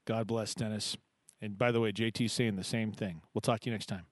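A man's voice: on the low side, fairly even intonation, no echo. Chatty man hosting a poetry show. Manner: chatty, halting, with many restarts. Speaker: host of a poetry open mic show. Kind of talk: casual live show hosting.

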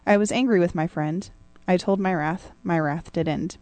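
Low-voiced woman reading a poem. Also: normal speed, warm tone, no room sound. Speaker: co-host. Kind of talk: reading poetry aloud.

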